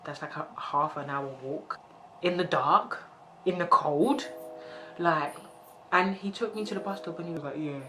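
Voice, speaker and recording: A young woman, telling a dramatic storytime in an animated, laughing way. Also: lowish voice, a little slow. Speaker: vlogger. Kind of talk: storytime vlog. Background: background music.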